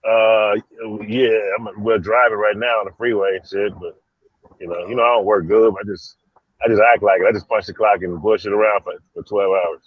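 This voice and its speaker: A man's voice: on the low side, steady tone, moderate pace, no echo, phone-quality sound. A man calling in to a casual live-stream chat from a vehicle on the freeway, blunt and laid back in his talk. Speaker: caller.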